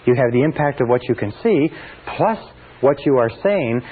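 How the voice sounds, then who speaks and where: A man's voice: mid-range voice, animated, a little hiss or hum. Male seminar speaker, emphatic and repetitive, on a thin lo-fi tape. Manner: emphatic, repeats phrases slowly for effect. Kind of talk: motivational seminar talk.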